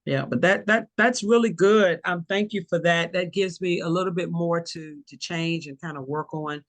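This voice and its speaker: A speaker with a warm Southern US drawl chats easily on a video call, laughing often and restarting sentences as the thoughts come. The sound is dry and close, with no room around the voice. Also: medium pitch, moderate pace, dry recording. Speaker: teacher selling an online course. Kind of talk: casual video call chat.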